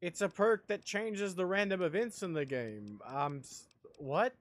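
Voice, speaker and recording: A male streamer with a high-pitched voice chats with his viewers while he plays. He talks at an unhurried pace, rambling and making fun of himself. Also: animated, no echo. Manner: rambling, self-deprecating, chatting with viewers. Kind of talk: casual live game commentary.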